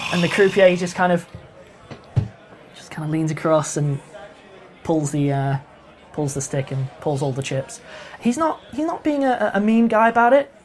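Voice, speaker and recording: A man narrating as game master of a tabletop game, relaxed and rambling with many fillers. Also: fairly high pitch, normal speed, long pauses.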